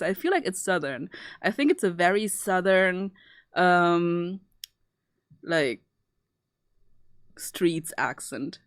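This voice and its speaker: Chatty low-voiced woman streamer. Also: dry recording, studio quality. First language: German. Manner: chatty, laughs often, swears casually. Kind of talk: casual chat while drawing.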